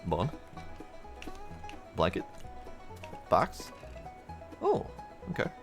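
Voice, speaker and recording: A man's voice: low-pitched, sing-song, normal speed. A man giving wry, casual commentary as he plays a game, muttering to himself and talking to the game. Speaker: game streamer. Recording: faint game music behind.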